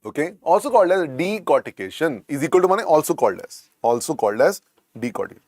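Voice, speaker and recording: A middle-aged Indian-accented man teaches a medical exam class, repeating each point and coaxing his students. His voice sits a little high and swings widely in pitch. The recording is dry and close. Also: sing-song, quick pace, a little mellow, dry recording. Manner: repetitive, coaxing, calls students "beta". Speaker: medical lecturer. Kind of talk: exam coaching lecture.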